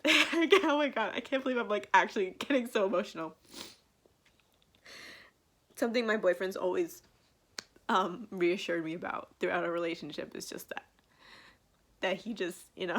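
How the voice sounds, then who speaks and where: A woman's voice: medium pitch, expressive, moderate pace. Young woman, gushing, filler-heavy, teary, close to crying, casual home reaction vlog. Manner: gushing, filler-heavy, emotional, breaks into laughs. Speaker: vlogger reacting to an album.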